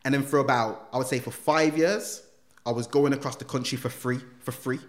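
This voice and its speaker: A man, a podcast guest telling his life story in animated street slang. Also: mid-range voice, fairly quick. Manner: animated, slangy, acts out voices. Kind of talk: emotional personal storytelling.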